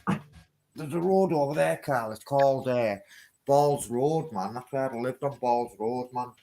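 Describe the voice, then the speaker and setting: A man's voice: mid-range voice, a little slow, dark tone. A man in casual chat, full of matey banter and easygoing slang. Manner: matey banter, says mate and man a lot.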